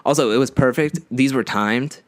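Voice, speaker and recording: A man's voice: medium pitch, normal speed, no room sound. A young man co-hosting a podcast, telling a story in casual, rambling chat, full of "like" and fumbled words. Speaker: podcast co-host.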